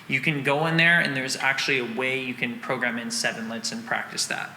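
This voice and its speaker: A man with a flat, medium-pitched voice talks a little fast as he teaches snare rhythms, counting and vocalizing the beats in syllables and dropping casual fillers. Loud drum line music and long, echoing reverb fill the recording, along with a faint hiss or hum.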